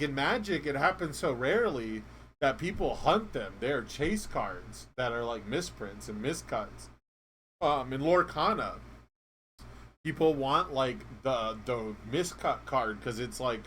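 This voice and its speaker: Male co-host, relaxed and slangy, mid pitch, slight background noise. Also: measured pace. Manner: laid-back, slangy, laughs easily. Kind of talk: casual chat about a card game.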